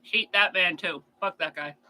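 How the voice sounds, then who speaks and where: A man's voice: high-pitched, normal speed, sharp tone, poor audio. A man chatting casually on a true crime stream, answering chat in a blunt, profane rant.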